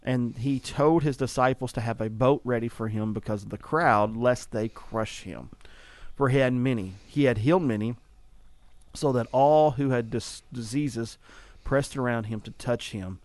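A man's voice: mid-range voice, normal speed, a little mellow, no echo. A man who preaches, chatting on a church talk show and reading scripture aloud, with frequent laughs and restarted sentences. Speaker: pastor and co-host. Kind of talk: casual chat and Bible reading.

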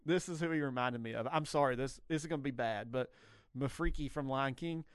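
A man's voice: mid-range voice, fairly quick, smooth, no echo, clean studio sound. A man hosting a radio trivia show in a casual, rambling way, often correcting himself and laughing.

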